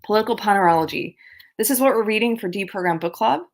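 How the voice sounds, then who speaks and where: A woman with a mid-range voice and a quick pace hosts a casual livestream while abroad on a trip. She chats, reads viewer comments aloud, and laughs often.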